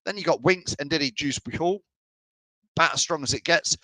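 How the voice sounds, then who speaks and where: A man's voice: a little high, brisk, pushed and bright, no room sound, low-quality recording. A middle-aged man from England hosting a live fan show, chatting and teasing as he reads out viewers' messages. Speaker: fan channel host. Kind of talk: live stream chat reading comments.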